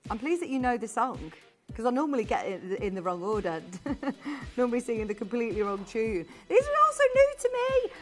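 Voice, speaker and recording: A woman presenting on a live shopping channel, chatty and bubbly, quickly rattling off prices and buyer names in a studio. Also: on the high side, sing-song, faint music behind. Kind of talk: live TV sales patter.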